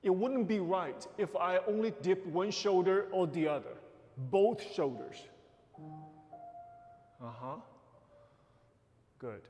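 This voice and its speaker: A man's voice: high-pitched, takes it slowly, long pauses, a little mellow, long reverb tail, lo-fi sound, faint music behind. A man teaching a ballet class, counting beats and giving short corrections and praise. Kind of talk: live class instruction. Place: dance studio.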